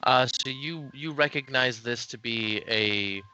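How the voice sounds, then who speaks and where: A man narrating a tabletop game as game master, unhurried and full of fillers. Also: medium pitch, bright, forceful tone, smooth, soft background music.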